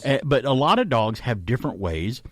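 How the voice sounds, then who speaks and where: A man hosting a casual talk radio show, laughing often and telling stories with quick imitations. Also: medium pitch, big pitch swings, breathy edge, no room sound, studio quality.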